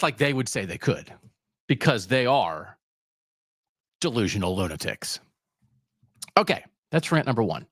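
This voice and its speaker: Male podcast host, sarcastic ranter, animated and a bit high, close dry sound. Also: dry recording. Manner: sarcastic, emphatic, ranting. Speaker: sports talk podcast host. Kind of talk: solo sports rant.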